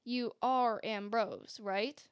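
A man's voice: high voice, steady tone, slow pace, clear, resonant tone, no echo, highs cut off. A woman voicing a sleazy, grinning man of about thirty whose accent keeps shifting. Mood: smarmy. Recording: faint music bed.

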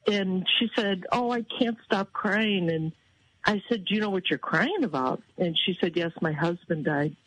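A woman tells stories in a lively, animated way on a radio broadcast. Her pitch leaps up whenever she quotes other people, then settles back into easy chat. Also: dry recording, poor audio. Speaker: guest. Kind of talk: casual chat.

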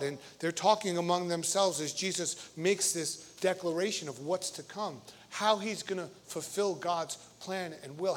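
A middle-aged priest preaching a sermon, telling stories with animated swings from loud emphasis down to a near murmur. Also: male voice, high-pitched.

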